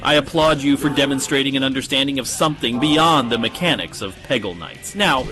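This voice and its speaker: A man's voice: medium pitch, fairly quick, music in the background, natural voice. A synthetic male voice playing a snide AI poet bot. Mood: sarcastic. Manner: pompous, sarcastic, theatrical recitation. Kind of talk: synthetic chatbot voice reading viewer prompts.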